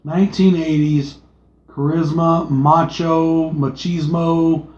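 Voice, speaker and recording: A man's voice: on the high side, normal speed, a little mellow. A man co-hosting a casual movie review, laid-back and jokey, swearing freely. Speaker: podcast co-host. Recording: echoey room, dull lo-fi sound.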